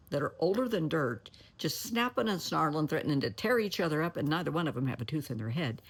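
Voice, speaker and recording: A woman's voice: low voice, gravelly, husky. A middle-aged woman, a therapist, giving plainspoken advice in a folksy way, calling listeners honey and sweetheart, and sometimes dropping to a near whisper for emphasis. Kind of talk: advice talk to camera.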